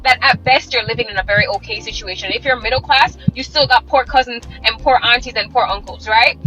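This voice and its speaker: High, bright scolding woman, slightly dull audio. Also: brisk, faint music behind. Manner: lecturing, scolding.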